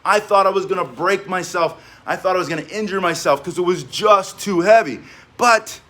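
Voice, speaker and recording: A fitness coach with a fairly high voice for a man, energetic and talkative, laughing through his stories and slipping into exercise directions. He talks in an indoor training gym. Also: moderate pace. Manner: energetic, chatty, laughs while telling stories. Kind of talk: spoken workout instruction with war stories.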